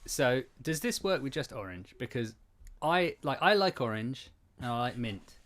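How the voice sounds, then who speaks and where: A man's voice: mid-range voice, very animated, moderate pace, a bit bright. A man co-hosting a podcast, telling sweary, joking stories in casual banter. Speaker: podcast co-host.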